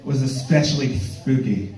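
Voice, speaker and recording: A man's voice: mid-range voice, moderate pace, warm tone. A man doing a stand-up comedy set in a club, rambling with stammered restarts and bantering playfully with the crowd. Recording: roomy club sound from far off.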